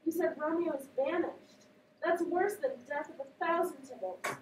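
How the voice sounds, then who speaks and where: A woman's voice: sits high, moderate pace, slight background noise, pitched above the performer's own voice, lightly acted. Woman reading as a wailing lovesick girl. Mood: anguished. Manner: wailing, overwrought. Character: grieving young girl, dramatic and lovesick. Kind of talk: reading a play aloud in class. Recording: echoey classroom, voice from a distance.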